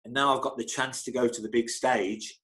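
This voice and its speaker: A man's voice: medium pitch, fairly even intonation, fairly quick, a bit bright. A middle-aged man, a football club physio, chatting as an interview guest, telling stories animatedly with frequent stumbles, restarts and chuckles. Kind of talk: casual anecdotal storytelling.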